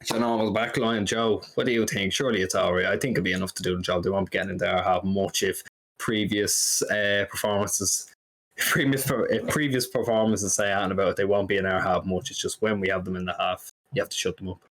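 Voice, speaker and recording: A rapid-fire man with a lowish voice, chatting casually about football as a podcast co-host. His talk runs on and on, animated, with the odd swear word dropped in.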